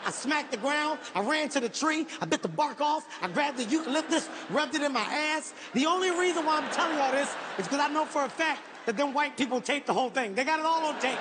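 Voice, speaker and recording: A man doing stand-up comedy, telling a profane story in an animated, shouting manner. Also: extremely high pitch, background noise. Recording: live show with audience ambience.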